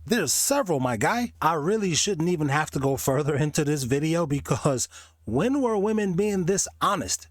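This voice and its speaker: Male reaction host, slightly high voice, blunt and mocking, dry close sound. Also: dry recording. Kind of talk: casual commentary.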